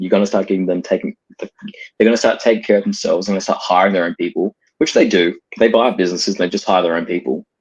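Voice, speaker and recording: A young man, arguing in a heated casual debate, talking fast with many restarts and fillers. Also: lowish voice, a little mellow, slightly rough, lo-fi sound. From Australia. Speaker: debate participant.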